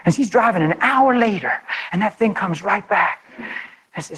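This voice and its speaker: A man preaching a sermon, fervent and animated, speaking straight to his listeners and acting out prayers. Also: brisk, husky, rough recording. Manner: fervent, animated, voice leaps high when excited; addresses listeners directly and acts out prayers.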